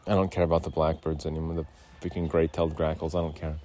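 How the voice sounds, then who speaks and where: A man's voice: rumbling low, level tone, quick pace, mellow, slight background noise. A man hosting a podcast outdoors, rambling in loose, profane, digressive casual chat. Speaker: podcast host. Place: outdoors on a rural lot.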